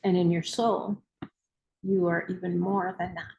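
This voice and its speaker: A woman's voice: fairly low pitch, little pitch movement, a little slow, creaky, warm tone, lo-fi sound. A woman hosting a book club, reading aloud and giving an emphatic, rousing motivational talk.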